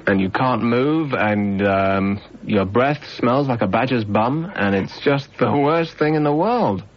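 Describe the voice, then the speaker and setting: A man's voice: mid-range voice, animated, unhurried, a little hiss or hum. A man hosting a late-night radio phone-in, joking and teasing his callers in casual banter over a studio microphone. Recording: slightly dull radio broadcast sound.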